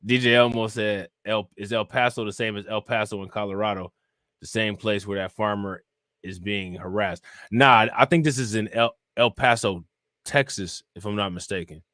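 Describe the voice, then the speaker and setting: On the low side and fairly bright, this man speaks at normal speed with fairly even intonation, in a dry, clean studio recording. Hosting a crime show live-stream, he reads charges, reports and chat aloud in a loose, conversational manner, then reacts and asks viewers questions, often "you know what I'm saying?"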